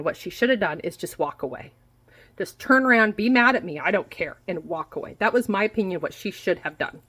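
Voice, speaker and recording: A woman in her forties venting in a casual monologue, blunt and quick to swear, repeating herself for emphasis. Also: mid-range voice, fairly bright tone, low-quality recording. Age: 40s. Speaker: vlogger. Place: home kitchen while food cooks. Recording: faint frying noise behind. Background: food sizzling in a pan.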